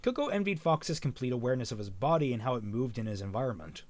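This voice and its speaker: A man reads a fan story aloud in a casual, animated way, his pitch swinging widely. He often trips over words and corrects himself, with blunt, profane asides. The recording is dry and close. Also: quick pace, hardly any pauses, no room sound. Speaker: stream host reading a fan story aloud.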